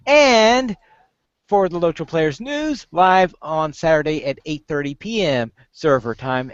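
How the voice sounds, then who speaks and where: A woman's voice: on the low side, dry recording, lo-fi sound. A woman co-hosting a casual podcast, playful and a little theatrical. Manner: playful, theatrical when reading a silly poem. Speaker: podcast co-host.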